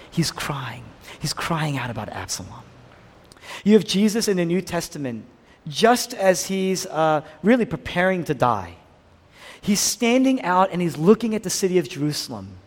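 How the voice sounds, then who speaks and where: Husky man preaching in a reverberant hall. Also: a little high. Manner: earnest, emphatic, repeats phrases. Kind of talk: sermon.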